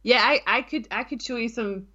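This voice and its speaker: A woman's voice: a little high, normal speed, muffled recording, a crowd in the background. A woman with a Scottish accent, co-hosting a podcast in casual, playful chat full of asides. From Scotland. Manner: chatty and giggly, with playful asides. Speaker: podcast co-host.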